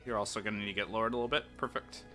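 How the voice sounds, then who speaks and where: A man's voice: on the low side, fairly even intonation, rapid-fire, bright, forceful tone, soft background music. A young man running a tabletop game session on stream, talking casually and laughing with his players. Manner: laid-back, laughing, loose. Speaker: game master.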